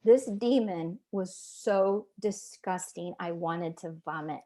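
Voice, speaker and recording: A woman's voice: fairly low pitch, slow, dark tone. A woman, around her fifties, giving a personal testimony as an interview guest, earnest and emotional as she tells it and acts out the voices she quotes.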